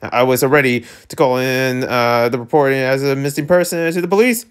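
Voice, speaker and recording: A man's voice: medium pitch, normal speed, clear, resonant tone, natural voice. A man voicing a worried, strict father scolding his daughter over her curfew.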